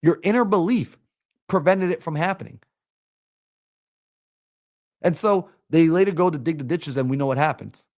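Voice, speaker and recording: Energetic preachy man, higher voice. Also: moderate pace, pauses often. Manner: energetic and preachy, acts out little scenes. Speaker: mindset coach. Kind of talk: motivational live-stream talk.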